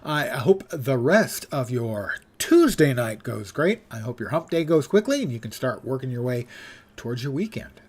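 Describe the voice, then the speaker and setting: An older man chats through a casual game stream, dry and self-mocking, with the odd curse word. His voice is wearing thin and hoarse. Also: mid-range voice, very animated, normal speed, a little mellow. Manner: wry, rambling, swears casually. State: losing his voice. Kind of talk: casual live-stream commentary.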